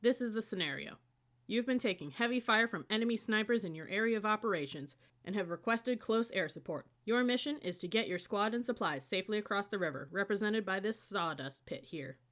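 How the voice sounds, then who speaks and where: A woman's voice: mid-range voice, lively intonation, a little fast, fairly bright tone, voice pushed up, natural voice. A woman voicing a stern, burly male cadet instructor who gives orders in a commanding drill-style briefing.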